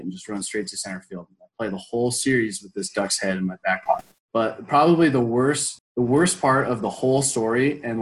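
A man in his twenties telling a story as an interview guest, animated and full of fillers, bursting into loud quoted pep talks. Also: mid-range voice, rough recording. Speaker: former college baseball player, guest.

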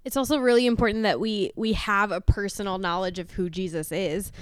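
Clear-voiced woman, earnest teaching. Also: medium pitch, steady tone, fairly quick, no room sound, studio quality. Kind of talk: casual teaching talk.

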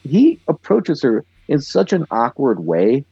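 A man's voice: medium pitch, huge pitch swings, a little slow, gravelly, dark tone, slightly rough, dry recording, lo-fi sound. A man co-hosting a podcast, recapping an episode in casual chat with wry, laughing commentary. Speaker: podcast co-host.

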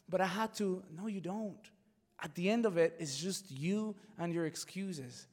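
A male pastor telling a personal story in a sermon. He talks in an animated way full of "like" and repetition, and drops to a hushed, earnest tone for serious points. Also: sits high, moderate pace, big-room sound. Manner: animated, excitable storytelling with many "like" fillers.

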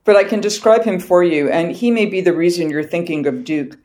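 A woman's voice: on the low side, fairly quick, a little mellow. An older woman from Massachusetts, a guest scholar on a podcast interview, speaking in a precise, dry and witty way. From southeastern Massachusetts.

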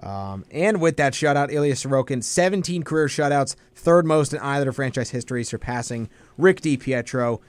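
A man's voice: mid-range voice, expressive, normal speed, few pauses, dry recording. A young man hosting a college sports radio show in a studio, confident and teasing his co-host. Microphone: studio microphone with headphones.

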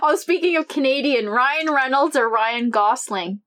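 A woman co-hosting a running podcast with a fairly high voice. She keeps the chat upbeat and laughs easily as she fires off quick questions. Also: fairly bright tone. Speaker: podcast co-host. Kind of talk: casual interview chat.

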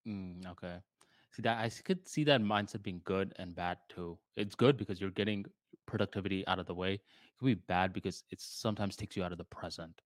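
A man's voice: sits low, fairly quick, no echo. A man co-hosting a podcast in casual chat, laid-back and slangy, retelling scenes with little voices. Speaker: podcast co-host.

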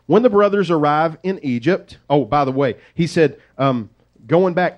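A man preaching, retelling a story in a lively, conversational way with folksy asides. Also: on the high side, normal speed. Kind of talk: sermon storytelling.

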